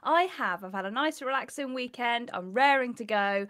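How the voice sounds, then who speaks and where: A young woman co-hosting a gaming livestream, bubbly and giggly, telling animated stories. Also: on the high side, normal speed. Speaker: livestream co-host. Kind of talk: casual gaming livestream chat.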